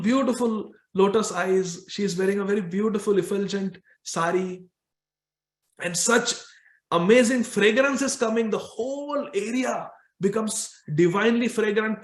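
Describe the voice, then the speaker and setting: High-voiced man telling a devotional story. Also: echoey room. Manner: animated, repeats phrases while narrating. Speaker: scripture class speaker.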